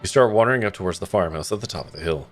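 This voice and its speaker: A man's voice: low voice, lively intonation, racing, faint music behind. A man streaming a story game, reading the narration aloud and reacting with wry asides and swearing. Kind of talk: live let's-play commentary, reading the game text aloud.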